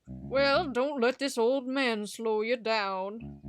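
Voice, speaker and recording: A woman's voice: a little high, slow pace, soft background music. A woman putting on a smarmy old man. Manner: drawling, smarmy. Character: leering slow-talking old man shopkeeper.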